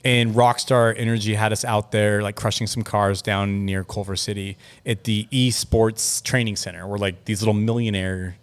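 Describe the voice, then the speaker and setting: A man as a guest on a car talk show, telling stories in a rapid, animated way with lots of fillers. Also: lowish voice, clean tone. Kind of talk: casual interview chat.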